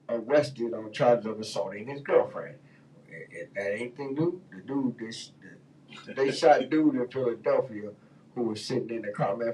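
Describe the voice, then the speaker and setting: A man's voice: medium pitch, mellow, distant mic, poor audio. Heated slangy man ranting on the radio. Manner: loose, heated, slangy rants with many fillers. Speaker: radio talk show host. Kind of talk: casual opinion talk.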